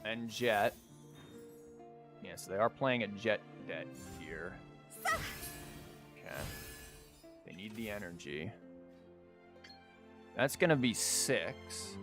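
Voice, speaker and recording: A man's voice: lowish voice, takes it slowly, long pauses. Chatty man streaming with a sore throat. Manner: chatty, rambling with fillers. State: sore throat, losing his voice. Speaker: streamer and teacher. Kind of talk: casual gameplay commentary. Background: game music.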